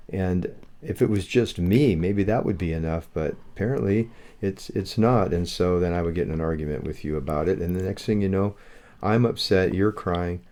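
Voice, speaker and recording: An older man co-hosting a candid podcast, talking in a steady, thoughtful, plain-spoken way. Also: low-pitched, normal speed. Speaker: podcast co-host, husband.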